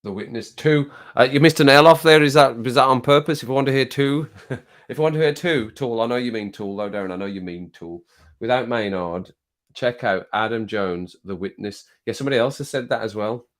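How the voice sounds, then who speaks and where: A man's voice: medium pitch, brisk, fairly bright tone. Chatty man on a live stream. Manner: chatty, reads viewer comments aloud, laughs often. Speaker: music reaction streamer. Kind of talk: casual live stream chat.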